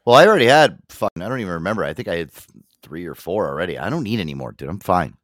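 Male podcast host, fast animated delivery, dry sound, laughs and curses a lot. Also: deep voice, no echo. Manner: profane, laughing, joking. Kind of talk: casual chat.

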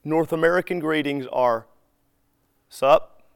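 A man teaching a live group in a relaxed, conversational way. He acts out bits of everyday dialogue as he tells his stories. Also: a little high, normal speed, clear, resonant tone, no room sound, studio quality. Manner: animated storyteller who acts out dialogue.

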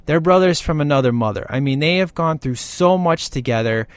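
A man talking casually and with excitement through a movie's scenes, gushing as he goes and often tagging "man" onto his lines. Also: fairly high pitch, fairly quick, smooth, no echo. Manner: gushing and animated, keeps saying "man". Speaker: film commentator.

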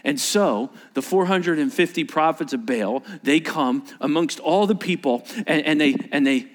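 A male pastor with a high-pitched voice, preaching to a large congregation. He tells the story with animated, physical energy and acts out the scenes as he goes. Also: moderate pace, in a large hall. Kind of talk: sermon. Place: large church auditorium with live congregation.

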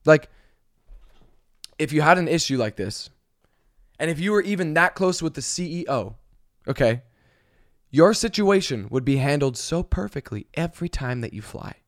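A man telling a story in a casual vlog, animated and swearing, with many fillers. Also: a little high, normal speed, long pauses, no echo, clean studio sound.

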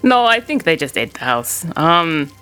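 Brief: low-pitched woman, in-character storyteller, hammy and deadpan, wildly swooping delivery, faint music behind. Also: a little slow, smooth. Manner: theatrical, rambling, deadpan dark humor. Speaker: player voicing Harissa.

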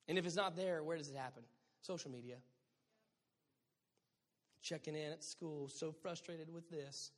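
A woman's voice: on the low side, moderate pace, long reverb tail. A woman pastor preaching a sermon, emphatic and conversational with playful asides to the congregation.

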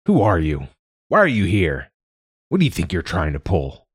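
A man voicing rough male city officials who bark accusing questions. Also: deep voice, huge pitch swings, normal speed, dry recording, clean studio sound, heavily acted.

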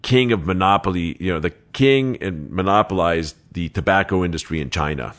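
Deep-voiced man telling real estate stories. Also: fairly quick. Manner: animated anecdotes with laughs and quoted dialogue. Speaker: luxury real estate agent. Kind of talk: interview storytelling.

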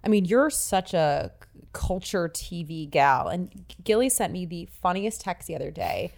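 Low-pitched, rambling woman podcast co-host. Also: expressive, moderate pace, gravelly, darkish tone. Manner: rambling, restarts and repeated words. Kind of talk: casual chat. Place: New York City.

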